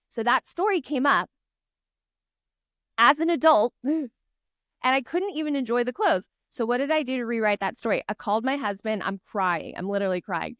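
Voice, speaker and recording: A woman's voice: a little high, expressive, moderate pace, fairly bright tone, no room sound, clean studio sound. A woman guest on a podcast, telling stories in an earnest, encouraging, chatty way. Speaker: guest author. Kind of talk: casual podcast chat.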